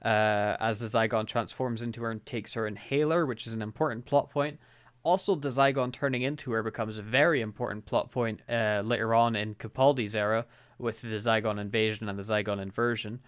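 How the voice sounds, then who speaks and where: A man's voice: on the low side, fairly even intonation, brisk, clear, resonant tone, no room sound. A man, co-hosting a podcast in casual chat, laughing often and quoting lines. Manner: laughs often, quotes characters in put-on voices. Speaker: podcast co-host. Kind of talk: casual chat recapping an episode.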